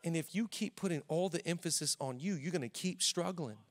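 A man preaching a sermon as a pastor, moving between quiet, joking storytelling and loud, ringing preaching. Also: on the high side, a little fast. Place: large church hall. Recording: long hall reverb.

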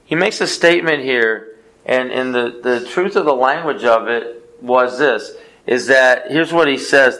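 A man's voice: mid-range voice, measured pace, sharp tone, low-quality recording. A man leading an informal Bible study, teaching in an emphatic way, repeating phrases and answering his own questions.

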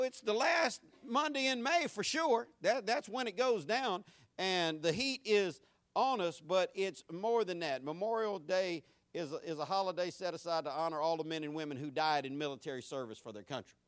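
Southern man, middle-aged, pastor's sermon voice, slightly raised pitch, dry sound. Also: normal speed, no room sound. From North Florida, US. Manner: earnest, swelling to fiery emphasis.

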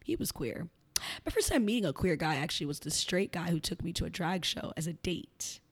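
A young woman with a fairly low voice talks to an interviewer in a blunt, candid way. She is frank and laughs often as she speaks. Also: expressive, brisk, husky. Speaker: podcast guest, entrepreneur.

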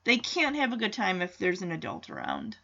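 A woman's voice: lowish voice, huge pitch swings, fairly quick, vocal fry, pushed and bright, dull audio. A woman casually recapping a TV episode in a chatty way, with frequent laughs and filler words.

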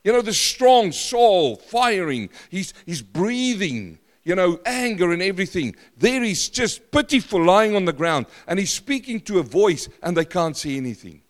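A man preaching a sermon, animated and repeating phrases for emphasis. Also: sits high, measured pace, few pauses, long reverb tail.

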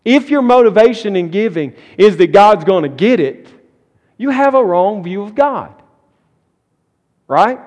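A man's voice: high-pitched, lively intonation, unhurried, pauses often, a little mellow. A man preaching a sermon, reading scripture and then building emphasis as he explains it. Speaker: pastor. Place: church sanctuary. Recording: long church hall reverb.

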